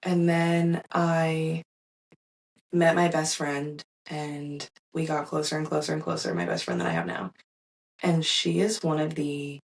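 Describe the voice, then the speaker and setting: A young woman hosting her own podcast, telling a personal story in a candid, reflective way with soft laughs and fillers. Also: sits low, distant mic, poor audio. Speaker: podcast host.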